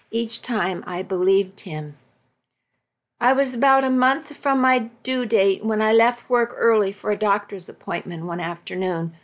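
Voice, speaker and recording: A woman narrating a first-person story in a steady, reflective reading voice. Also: on the high side.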